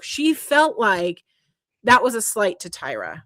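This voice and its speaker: Animated woman podcast co-host. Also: mid-range voice, slow, no echo, studio quality. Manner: animated storyteller, retelling scenes with emphasis and swearing. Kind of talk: casual chat.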